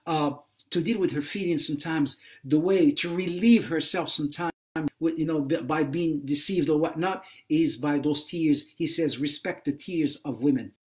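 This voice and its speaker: A man giving a religious lecture on a livestream, impassioned, repeating phrases for emphasis and mixing in Arabic religious phrases. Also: on the high side. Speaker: Islamic lecturer.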